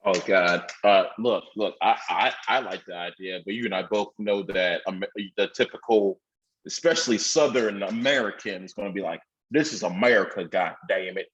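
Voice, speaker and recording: A man's voice: fairly low pitch, moderate pace, fairly bright tone. A man co-hosting a sports podcast in casual chat, easygoing, stammering and laughing often. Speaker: podcast co-host. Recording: dull lo-fi mic.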